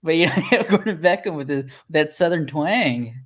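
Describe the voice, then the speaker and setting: A man's voice: on the high side, animated, moderate pace, fairly bright tone. A man co-hosting a sports podcast who laughs often and asks his partner questions. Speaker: podcast co-host. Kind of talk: casual sports chat.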